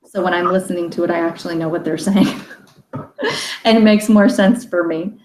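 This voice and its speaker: A woman's voice: on the low side, fairly even intonation, brisk, a little mellow. Chatty woman in an echoey room. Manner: chatty, laughs often, many fillers and restarts. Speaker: book discussion host. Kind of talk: casual chat. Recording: echoey room with faint ambient noise.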